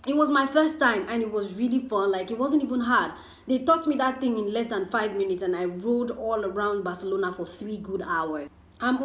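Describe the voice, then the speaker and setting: A woman's voice: mid-range voice, echoey room. A woman in her twenties telling a rambling, chatty story while eating on a casual mukbang vlog. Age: 20s. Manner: rambling, chatty, full of fillers. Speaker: vlogger.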